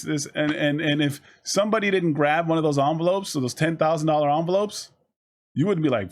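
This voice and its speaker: A man streaming live, giving casual, profane, rambling life advice to his chat and slipping into quick mock voices. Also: fairly high pitch.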